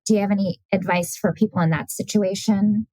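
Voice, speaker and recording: A woman podcast host asking measured, careful interview questions. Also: medium pitch, steady tone, mellow, no echo, rough recording.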